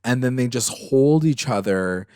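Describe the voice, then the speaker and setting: A man's voice: mid-range voice, unhurried, clear, resonant tone, dry recording, studio quality. A man co-hosting a podcast, retelling a TV episode in casual, emotional chat full of fillers. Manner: emotional, animated retelling, many fillers and swearing. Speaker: podcast co-host.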